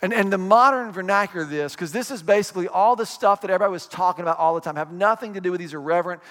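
High-voiced male pastor, conversational sermon. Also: a bit bright, in a large hall. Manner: conversational preaching with asides and quick acted quotes.

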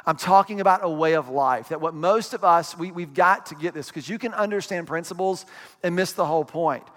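A man preaching a sermon in a conversational way, with asides and quick acted quotes. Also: a little high, a bit bright, in a large hall. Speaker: pastor.

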